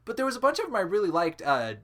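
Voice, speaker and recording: A man talks through a gaming session in a loose, rambling way, dropping swears and laughing at his own tangents. His voice sits fairly high and sounds bright. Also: wildly swooping pitch, rapid-fire. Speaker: let's play commentator. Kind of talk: casual gaming chat.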